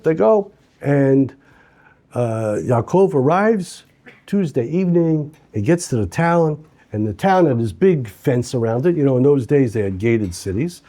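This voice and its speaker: Animated man telling a story. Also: medium pitch, a little slow. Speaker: teacher. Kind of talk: storytelling lesson.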